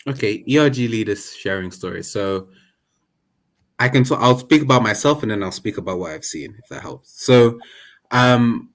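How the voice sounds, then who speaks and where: A man's voice: mid-range voice, normal speed. A man of Nigerian background, a talkative guest in an online interview who tells anecdotes and jokes. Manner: animated and talkative, jokes and laughs. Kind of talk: casual interview chat.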